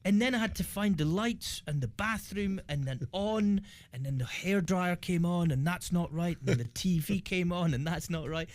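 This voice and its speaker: A Scottish man, a comedian guest on a talk show, telling animated comic stories and acting out the people in them. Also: sits high, moderate pace, hardly any pauses, no room sound. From Scotland. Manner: animated, acts out dialogue with voices. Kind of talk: comic storytelling.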